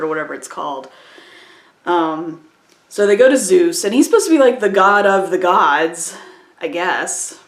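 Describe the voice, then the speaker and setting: Woman vlogger ranting about a film, mid pitch, echoey room. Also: animated, moderate pace. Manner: exasperated, with many restarts and quoted asides. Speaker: movie reviewer. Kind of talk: casual spoken review.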